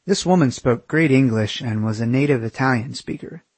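A young man reads his own travel memoir aloud with sardonic, self-mocking humor and plenty of swearing. His mid-range voice has a slightly husky edge. The recording is dry and close. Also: mid-range voice, normal speed, dry recording. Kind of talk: audiobook narration of a memoir.

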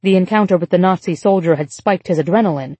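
Husky-voiced woman narrating a story. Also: on the low side, quick pace, warm tone, no room sound. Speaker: audiobook narrator. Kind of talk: scripted narration.

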